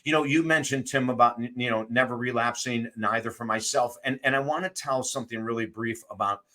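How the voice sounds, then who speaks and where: A middle-aged man, a recovery coach, talking as a guest in an interview, animated and emphatic, laughing often as he tells stories. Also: mid-range voice, a little fast. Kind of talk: conversational interview storytelling.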